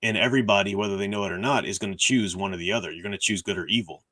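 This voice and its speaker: A man with a somewhat low voice hosts a casual livestream, explaining his views in an earnest, thinking-aloud way. His voice is tired and strained. He answers viewer questions at length. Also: very fast, bright, forceful tone. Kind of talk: casual livestream commentary on faith and fiction.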